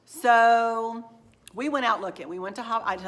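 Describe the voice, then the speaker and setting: A middle-aged woman speaks in a mid-range, slightly bright voice at a moderate pace while presenting home decor purchases. The casual haul is rambling, folksy, and self-deprecating, delivered straight to viewers in an echoey room.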